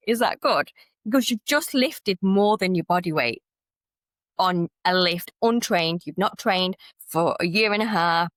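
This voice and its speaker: A woman from Manchester with a Manchester accent, a podcast guest telling her personal story in an animated way and acting out what other people said. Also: lowish voice, creaky, no room sound, clean studio sound. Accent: Manchester English. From Manchester, England. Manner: animated, acts out others' lines in quoted dialogue.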